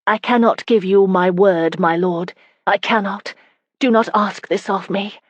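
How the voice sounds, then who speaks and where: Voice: medium pitch, fairly even intonation, moderate pace, no echo, highs cut off, pitched above the performer's own voice, close to an everyday voice. A narrator voicing an anguished, defiant young noble wife in an audiobook, pleading and strained.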